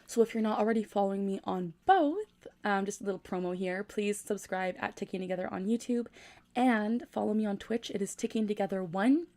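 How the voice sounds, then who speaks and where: A woman's voice: mid-range voice, normal speed, darkish tone, slight background noise. A woman in her twenties chatting casually on a livestream from her room at night, keeping her voice down as she reads comments. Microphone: gaming USB microphone.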